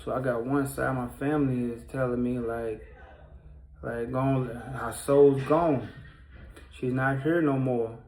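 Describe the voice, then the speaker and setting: A man's voice: mid-range voice, steady tone, a little slow, darkish tone, echoey room, low-quality recording. A man telling a painful personal story in casual speech, rambling with many fillers and restarts, his tone somber and pained. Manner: somber, pained retelling of a loss.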